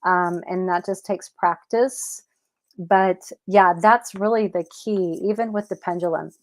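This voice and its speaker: A woman's voice: fairly even intonation, a little slow. A woman hosting a live cat-care Q&A, talking casually, rambling a little and correcting herself as she goes. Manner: chatty, rambling, with fillers and self-corrections; rises into high baby talk with her cat. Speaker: host of a cat health show.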